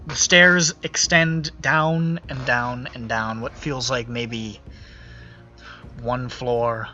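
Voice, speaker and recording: A man running a tabletop game as game master, narrating in an unhurried, descriptive way. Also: medium pitch, steady tone, bright, forceful tone. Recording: dull lo-fi audio with faint music.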